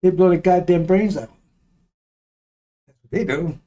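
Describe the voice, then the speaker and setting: A man's voice: high voice, a little slow, mellow. A man giving a blunt, profane, preaching-style monologue, repeating lines for emphasis and chuckling between remarks. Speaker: online commentator.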